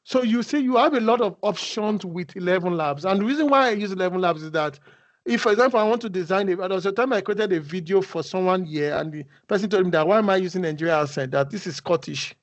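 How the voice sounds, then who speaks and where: A man's voice: sits high, animated, fast. A man giving a casual tutorial over a video call, talking conversationally and often restarting his sentences. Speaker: instructor. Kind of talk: casual screen-share tutorial. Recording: muffled video call audio.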